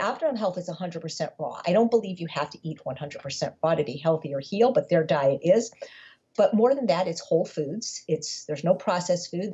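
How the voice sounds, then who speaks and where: A woman talks as a guest on an interview podcast, her voice deeply husky and breathy with a mellow, dark warmth. She speaks emphatically and circles back on words as she drives a point home. The audio is dull and lo-fi. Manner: emphatic, repeats words when building a point. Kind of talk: conversational interview storytelling.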